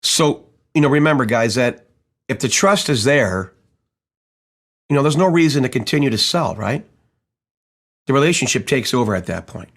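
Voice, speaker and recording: A man's voice: medium pitch, animated, normal speed, pauses often. A man teaching sales in a casual, storytelling way, acting out quoted dialogue and asking his listeners rhetorical questions. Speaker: sales trainer. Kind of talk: conversational sales-training audiobook storytelling.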